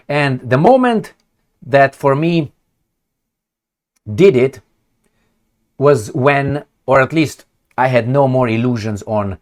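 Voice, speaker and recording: A man giving a sarcastic, profane political rant from indoors at home. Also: fairly low pitch. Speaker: political commentator. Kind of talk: ranting political commentary.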